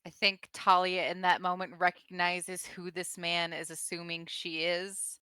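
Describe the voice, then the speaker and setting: A woman plays a tabletop game in a casual, matter-of-fact way. Her voice is lowish and bright. The sound is dry and close. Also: level tone, measured pace, clear, resonant tone, dry recording. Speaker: player.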